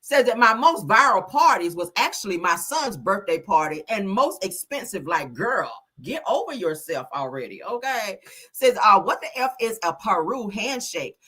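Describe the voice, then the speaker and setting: A woman hosts a casual gossip commentary channel, reading posts aloud with sassy, animated asides like "child" and "girl." Her medium-pitched voice has a breathy edge and a measured pace, picked up by a streaming desk mic.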